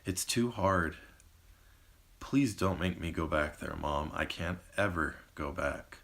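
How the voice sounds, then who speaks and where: A man voicing a distraught teenage girl who talks in a broken, hopeless way, in a deep voice. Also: lively intonation, takes it slowly, a bit bright, exaggerated voice. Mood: despairing. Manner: broken, despairing.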